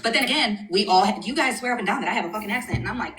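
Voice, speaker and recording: A woman's voice: mid-range voice, expressive, rapid-fire, a bit bright, far from the mic, a little hiss or hum. Brash, profane woman in a roomy space. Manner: blunt, profane, rolls her R's. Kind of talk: casual chat.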